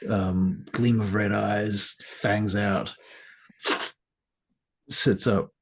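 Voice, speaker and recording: A man's voice: fairly low pitch, level tone, drawn-out words. A man narrating as game master of a tabletop roleplaying game, casual and swearing.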